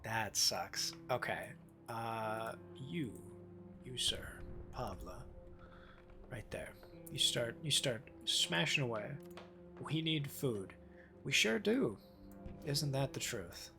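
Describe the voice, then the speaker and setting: Guy streaming a game, kinda gravelly, rambles and laughs at himself, music going in the background. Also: medium pitch, lively intonation, takes it slowly, pauses often. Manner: rambling, self-mocking, chatty with viewers. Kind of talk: casual live gameplay commentary.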